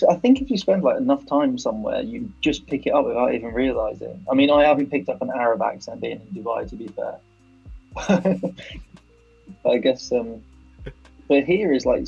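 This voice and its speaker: A young man with a London accent talks in a relaxed, rambling way, his voice full of fry and rough and breathy. He is a guest on a live-streamed podcast. The audio sounds muffled and lo-fi. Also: medium pitch, moderate pace, faint music behind. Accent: London English. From London, England. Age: 20s. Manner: laid-back, chatty, says "like" often. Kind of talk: casual live-stream chat.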